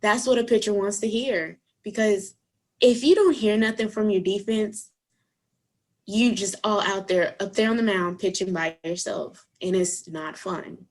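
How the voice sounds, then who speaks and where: A young woman, a softball catcher, speaking with lots of likes and searching for words. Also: medium pitch, a little slow. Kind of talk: casual interview.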